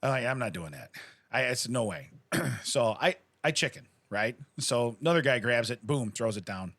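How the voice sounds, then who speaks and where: A man's voice: mid-range voice, lively intonation, normal speed, a bit bright. A middle-aged man co-hosting a podcast, telling a rambling story in casual chat, laughing often and acting out what people said. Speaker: podcast co-host.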